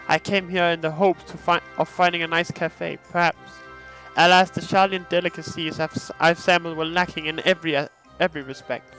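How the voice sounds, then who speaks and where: A man's voice: fairly high pitch, flat delivery, fairly quick, sharp tone, faint music behind, poor audio. A man voicing a pompous young male noble, haughty and flowery, stumbling over his words as he reads.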